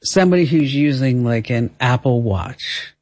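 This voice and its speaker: A woman's voice: extremely low pitch, normal speed, a little mellow. A woman with a New Jersey accent hosting a radio talk show, upbeat and laughing easily as she reads ads and chats with guests. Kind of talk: casual chat with ad reads.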